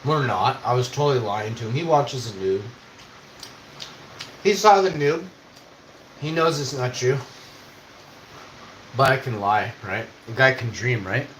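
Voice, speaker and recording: A man's voice: medium pitch, expressive, unhurried, pauses often, a bit bright. A young man from Canada who streams, telling a rambling casual story, swearing and acting out quoted voices. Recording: echoey room with faint noise.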